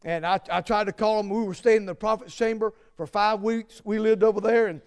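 A pastor preaches a sermon and shares personal stories, his voice sitting high with fairly even intonation and a clean tone. He halts often, using many fillers and restarts, before building to emphatic peaks.

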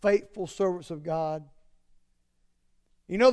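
A man preaching a sermon, earnest and emphatic, repeating phrases and swinging between loud declarations and hushed asides. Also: high-pitched, moderate pace.

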